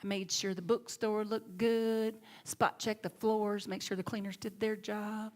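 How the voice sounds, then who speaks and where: A middle-aged woman with a Southern accent, a minister giving a sermon in lively storytelling that sometimes drops to soft, hushed tones. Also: medium pitch, a little slow.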